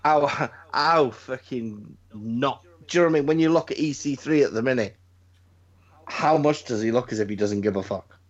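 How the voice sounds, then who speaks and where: A man's voice: medium pitch, normal speed, lo-fi sound. Blunt, sweary man ranting. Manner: sweary, blunt, stammers into rants. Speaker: podcast co-host. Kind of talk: casual wrestling chat.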